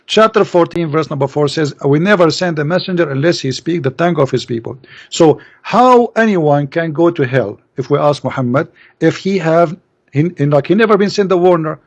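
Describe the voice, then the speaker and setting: A man co-hosting a religious debate, arguing in halting, questioning speech full of fillers. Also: a little high, no echo, dull audio. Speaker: co-host. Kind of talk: apologetics argument.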